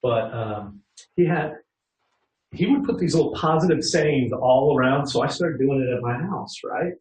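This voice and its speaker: A man's voice: medium pitch, moderate pace, a little mellow. A middle-aged man leading a customer service workshop, chatting with the audience and asking them questions. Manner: conversational, asks the audience questions. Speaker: workshop leader. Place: training room. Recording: roomy echo from a distant mic.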